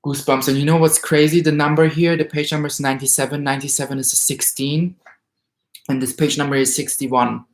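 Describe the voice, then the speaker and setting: A man doing a weekly tarot reading, reading card meanings aloud and growing emotional and excited as he goes. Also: fairly high pitch, fairly quick. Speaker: tarot reader. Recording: roomy echo.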